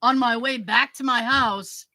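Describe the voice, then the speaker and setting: A woman podcast host telling a story in casual chat, acting out the quoted dialogue with lively emphasis. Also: fairly high pitch, unhurried, no echo, rough recording. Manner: animated, acts out quoted dialogue.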